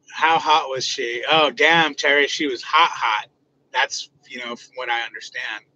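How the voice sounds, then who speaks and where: A man's voice: mid-range voice, pushed and bright, lo-fi sound. Joking man chatting live from his truck. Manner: loose, joking, talks back to chat. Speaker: livestream host. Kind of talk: casual live chat.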